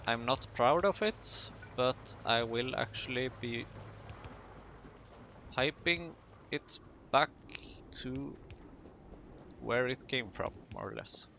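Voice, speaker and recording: Slow, gravelly man narrating gameplay. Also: mid-range voice, animated, pushed and bright, slight background noise. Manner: chatty, self-mocking asides while building. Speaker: gaming video host. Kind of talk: casual let's-play commentary.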